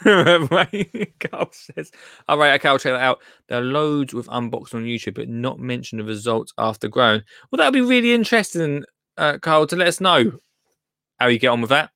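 A man's voice: mid-range voice, sing-song, normal speed, vocal fry, sharp tone, no echo, clean studio sound. A man hosting a gardening podcast, chatting casually with a caller and often restarting his sentences. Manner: chatty, friendly, with frequent restarts. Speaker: podcast host. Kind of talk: casual chat.

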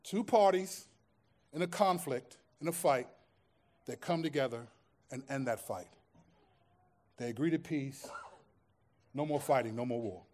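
A man preaching a sermon as pastor, swinging from hushed, quiet stretches to loud, impassioned peaks and repeating phrases for emphasis. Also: mid-range voice, lively intonation, a little slow, pauses often.

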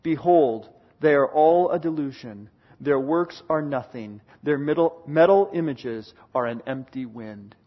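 Male preacher, higher pitch, husky, sermon delivery swinging from booming to hushed, dull lo-fi sound. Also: a little slow. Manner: reads scripture aloud with dramatic swings from booming to hushed.

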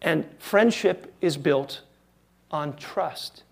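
A male pastor preaching a sermon in a wry, conversational way with emphatic pauses. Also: a little high, vocal fry.

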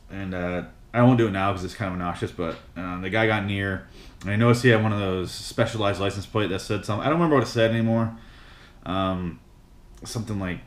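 Rambling low-voiced man, roomy echo. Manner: rambling, hesitant, swears often. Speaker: comedic vlogger. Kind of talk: comedic storytelling monologue.

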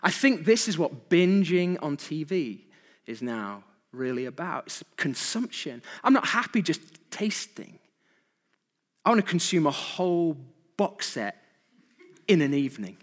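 A man preaches with a fairly high voice that swings widely up and down. He presses his points home with rhetorical questions to his listeners. The sound carries the long echo of a large hall. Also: very animated, a little slow. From Britain. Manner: rhetorical questions to the congregation, emphatic. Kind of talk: evening sermon.

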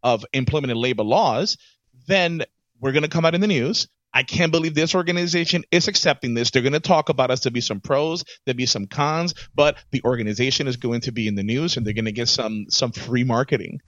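A man co-hosting a casual podcast chat as an HR professional, animated and repeating his words as he starts each thought. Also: mid-range voice, fairly quick, no echo. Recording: dull, slightly lo-fi dry sound.

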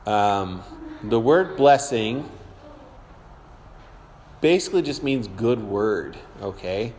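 A man's voice: lowish voice, lively intonation, slow, darkish tone, slight background noise. Guy teaching a bible class, rambly and chatty, lots of ums, echoey hall sound. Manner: chatty, rambling, with many fillers. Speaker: church teacher. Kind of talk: informal Bible class talk. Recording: reverberant hall.

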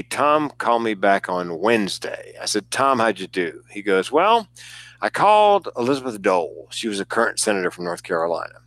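A comedian telling an animated story in casual conversation, acting out the voices of the people in it and swearing freely. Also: male voice, fairly low pitch. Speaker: guest comedian.

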